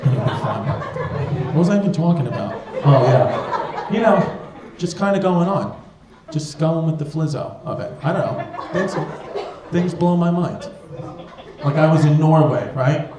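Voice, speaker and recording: A man's voice: a little high, expressive, unhurried, long pauses. A man doing stand-up comedy in a club, rambling and swearing as he banters with the crowd. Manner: profane, rambling, self-mocking banter with the audience. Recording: echoey club with audience noise.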